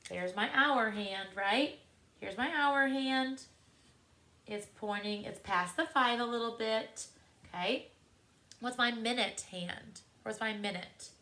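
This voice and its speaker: Bright, slow-speaking woman teacher. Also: a little high. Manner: encouraging, sing-song questions to children. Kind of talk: classroom lesson to young students.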